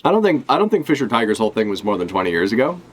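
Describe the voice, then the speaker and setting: A man's voice: lowish voice, sing-song, very fast, slight background noise. A man giving live reaction commentary as a streamer, ranting and swearing in exasperation.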